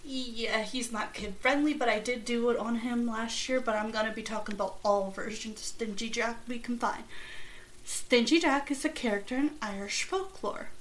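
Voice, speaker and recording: A woman's voice: on the high side, a little hiss or hum, low-quality recording. A woman hosting a podcast in casual chat, rambling and chatty with jokey asides. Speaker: podcast host.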